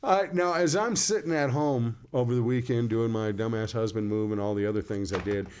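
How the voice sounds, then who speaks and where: A man's voice: medium pitch, a little fast, darkish tone, a little hiss or hum. A man in his fifties with an American accent, co-hosting a casual podcast chat, joking and laughing often. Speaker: podcast co-host.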